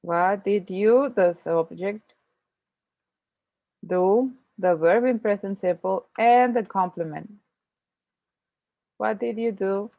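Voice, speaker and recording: A woman's voice: medium pitch, slow, gravelly, long pauses, dry recording. Woman teaching English over video call. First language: Spanish. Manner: explains patiently, with frequent restarts and thinking aloud. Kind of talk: online class, switching between English and Spanish. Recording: tinny video-call audio, dry.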